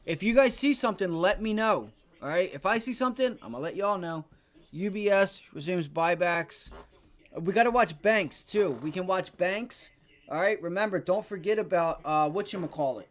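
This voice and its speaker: A man's voice: sits high, lively intonation, moderate pace. Casual man giving live trading commentary. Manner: casual, coaching, swears freely. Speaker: day trading livestream host. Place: home trading office.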